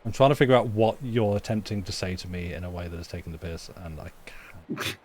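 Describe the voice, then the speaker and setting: Joking, halting man chatting casually. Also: deep voice, darkish tone, breathy edge. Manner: joking, halting with repeated starts. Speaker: podcast co-host. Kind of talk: casual chat.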